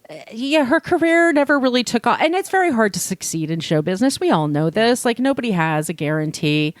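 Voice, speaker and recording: A woman co-hosting a podcast, telling a true-crime story in casual, animated chat and swearing now and then. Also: on the high side, fairly quick, dry recording. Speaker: podcast co-host.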